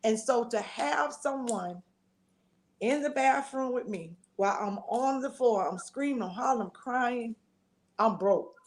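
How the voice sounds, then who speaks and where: A middle-aged woman tells her story as a guest in an interview. Her voice sits fairly high, and she delivers an expressive testimony, slipping into the voices of the people she quotes. She calls the listener "honey" and "baby" as she speaks. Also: a little slow.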